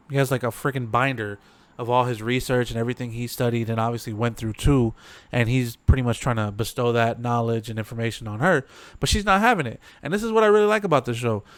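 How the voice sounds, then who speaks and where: Man, casual slangy show recap, smooth clear voice, dry close sound. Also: mid-range voice, no echo. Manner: slangy, loose, full of fillers. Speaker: reaction video host.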